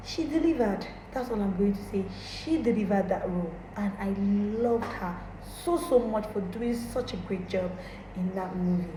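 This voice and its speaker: A woman casually and effusively chatting about a movie, exclaiming and repeating herself as she gets excited. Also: mid-range voice, moderate pace. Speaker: movie reviewer. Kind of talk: casual chat. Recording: echoey room with background noise.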